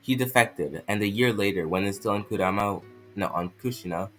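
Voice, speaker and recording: A man playing an eager ninja who presses his point, his low voice carrying a light French accent. He stumbles and restarts often, with faint music underneath. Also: a bit bright, natural voice, rough recording. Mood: insistent. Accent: put-on French accent. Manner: stumbling, halting reading with restarts. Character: middle-aged male ninja investigator, eager and insistent.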